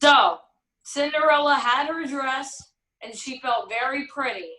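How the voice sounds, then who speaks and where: A woman's voice: sits high, unhurried, bright, forceful tone, slight background noise. A woman playing a dry, teasing narrator who tells the tale her own way in a filmed stage play. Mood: storytelling. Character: wry, unbothered female storyteller who bends the tale. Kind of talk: theatre acting in a filmed virtual production. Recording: roomy sound, far from the mic.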